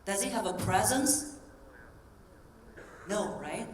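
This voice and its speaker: A woman's voice: mid-range voice, expressive, slow pace. A woman voice coach delivers a keynote to a convention crowd, demonstrating and asking the audience questions. She is recorded from a distance in a large hall, so her voice carries a roomy echo. A faint ambient hiss sits underneath. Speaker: voice coach and speaker.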